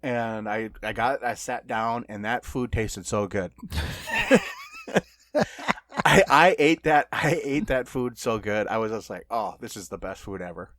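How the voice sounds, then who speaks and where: A man's voice: medium pitch, slow, fairly bright tone, no room sound. A middle-aged man co-hosting a podcast, telling stories in a loose, rambling way with lots of fillers and laughs. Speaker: podcast co-host. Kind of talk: casual podcast chat.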